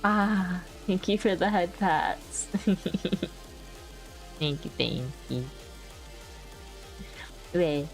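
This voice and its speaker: Woman streamer chatting away on a new mic, kinda low voice, laughs a lot, swears casually, faint music behind. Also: lively intonation, drawn-out words, vocal fry, long pauses. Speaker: livestreamer. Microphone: new desk microphone.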